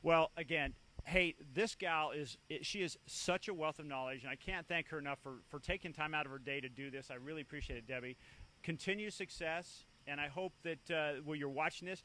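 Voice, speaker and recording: A man's voice: fairly high pitch, a little fast, bright, forceful tone, a little hiss or hum. A man hosting a local show, interviewing a guest in a cafe in an upbeat, promotional way. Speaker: host. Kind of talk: casual interview. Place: inside a cafe.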